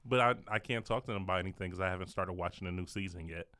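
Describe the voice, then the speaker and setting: Laid-back, low-voiced podcast co-host. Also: male voice, very fast, pushed and bright, dry recording, clean studio sound. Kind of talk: casual podcast chat.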